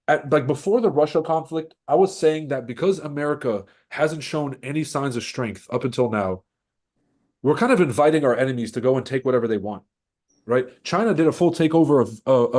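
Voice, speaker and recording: A man's voice: mid-range voice, a little mellow. Stuffed-up male streamer, brash hype-man host of a casual trading stream. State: stuffed-up nose. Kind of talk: casual livestream commentary.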